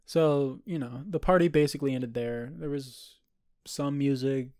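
A man's voice: mid-range voice, fairly even intonation, normal speed, darkish tone, no echo. A man in his twenties, co-hosting a podcast and telling a rambling, profane party story in casual chat. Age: 20s. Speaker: podcast co-host.

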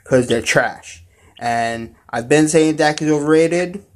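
A man's voice: on the high side, slow, a little hiss or hum. A man co-hosting a casual sports podcast, giving blunt, mocking opinions. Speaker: podcast co-host.

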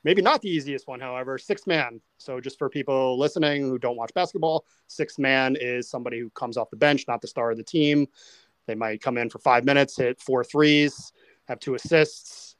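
A man's voice: medium pitch, no echo. A rambling man hosting a movie podcast. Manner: rambling, repeats words while thinking. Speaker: podcast host. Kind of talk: casual movie podcast chat.

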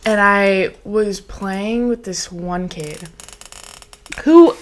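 A woman's voice: medium pitch, extremely slow. A young woman from Texas hosting a casual podcast chat, telling rambling stories and laughing often. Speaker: podcast host.

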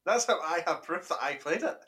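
A man's voice: on the high side, expressive, fairly quick, background noise. A man co-hosting a casual gaming podcast, talking in a dry, teasing way. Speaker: podcast co-host.

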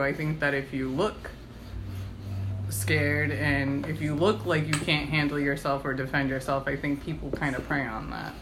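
A woman's voice: low voice, noisy background. Woman cohost on a podcast, rambly, lots of "like" and "i mean". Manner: rambling, filler-heavy storytelling. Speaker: podcast co-host. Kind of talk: casual podcast discussion.

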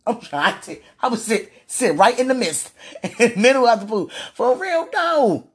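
A woman's voice: on the high side, lively intonation, normal speed, slightly rough. A woman vlogging in a casual, rambling monologue, sighing and repeating herself as she pleads aloud to God.

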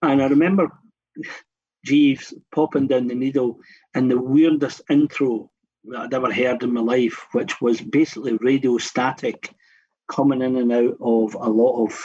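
A man's voice: medium pitch, fairly even intonation, moderate pace, mellow, husky. A man in his fifties, a guest on a radio show, telling long anecdotes in a rambling way with many restarts. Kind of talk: casual radio chat. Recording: dull, muffled radio studio sound.

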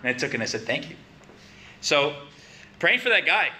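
Male preacher, bright and higher-pitched, conversational sermon delivery with emphatic rises. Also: very animated, fairly quick. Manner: conversational, rising to emphatic questions.

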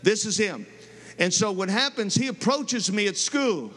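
A man's voice: high voice, expressive, unhurried, fairly bright tone. A male pastor preaching a sermon, telling a story with lots of animation and repeating his words. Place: large church sanctuary. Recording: long reverb of a large sanctuary.

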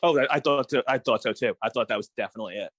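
A man's voice: medium pitch, very fast, fairly bright tone, dry recording. A man co-hosting a podcast, chatting casually about a show with emphatic, exasperated jokes. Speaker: podcast co-host. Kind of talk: casual recap chat.

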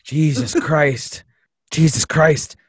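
A man playing a tabletop role-playing game, shouting and laughing in character. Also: fairly high pitch, fairly even intonation, slow pace, very noisy. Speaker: player.

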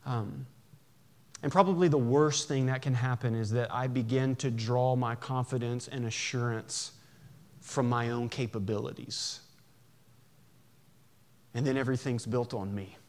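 A man preaching a sermon in a church, conversational and animated, with jokes and acted-out voices. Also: medium pitch, measured pace, long pauses. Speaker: pastor.

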